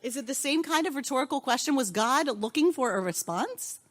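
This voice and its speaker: Woman, rabbi-cantor, interactive Torah class, higher voice, very lively pitch, questioning the group. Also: a little fast. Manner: animated, questioning the group and calling on students. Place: synagogue.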